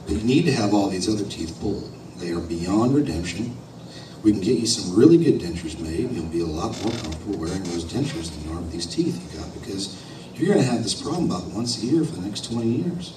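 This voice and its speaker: Man playing a blunt, low-voiced dentist; roomy, noisy live room. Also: lively intonation, fast talker. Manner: blunt, matter-of-fact. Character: blunt, frank male dentist. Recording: roomy hall, distant mic, noisy.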